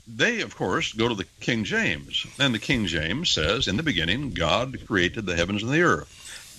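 A man's voice: lowish voice, slightly rough, poor audio. An older man talking on the radio, lecturing about the Bible in an emphatic, teacherly way. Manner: emphatic, lecturing, animated with rising stresses. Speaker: radio talk show guest teaching on the Bible. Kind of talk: on-air Bible teaching talk.

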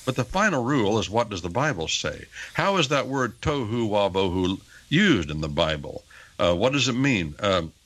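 An older man speaks at a normal pace in a voice on the low side, teaching the Bible on air as a radio talk show guest. He's emphatic and lecturing, with animated, rising stresses. The recording is rough, with no room sound.

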